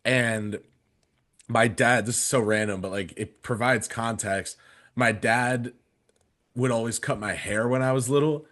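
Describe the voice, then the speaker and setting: A man's voice: medium pitch, fairly even intonation, normal speed, a bit bright. A man in his twenties casually telling a story on a podcast, rambling with many fillers and restarts. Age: 20s. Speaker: podcast panelist.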